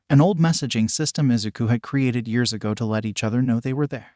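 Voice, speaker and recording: Pria narator cerita penggemar, suara kering. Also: male voice, mid-range voice, fast, few pauses, warm tone, no echo, studio quality. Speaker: narrator. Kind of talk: reading fan fiction aloud.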